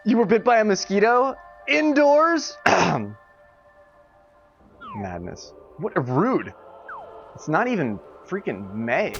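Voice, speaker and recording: A man's voice: high voice, sing-song, takes it slowly, long pauses, lo-fi sound, soft background music. A man streaming a game, chatting casually with his viewers in giggly, rambling asides. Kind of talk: casual live-stream chat.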